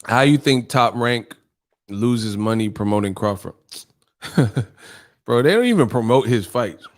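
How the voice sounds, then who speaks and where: A man's voice: medium pitch, lively intonation, a little slow, no echo, clean studio sound. A man hosting a live stream, ranting casually in a profane, exasperated way and laughing often. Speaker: streamer host.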